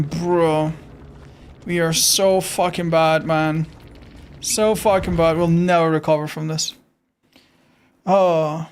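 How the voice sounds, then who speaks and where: A man streaming live gameplay, commenting excitably, swearing often and talking to his chat. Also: high-pitched, slight background noise. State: tired.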